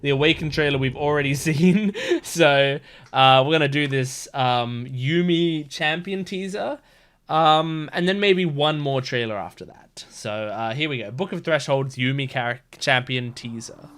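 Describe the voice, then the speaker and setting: A man's voice: fairly high pitch, measured pace. Rambling man reacting to game trailers. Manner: rambling, filler-heavy, excitable. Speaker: reaction channel host. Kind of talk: casual reaction commentary.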